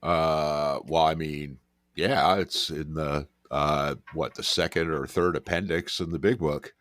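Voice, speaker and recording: A man's voice: rumbling low, fairly even intonation, a little slow, fairly bright tone, dry recording. A man co-hosting a podcast in casual chat, mostly giving brief, dry remarks. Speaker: podcast co-host.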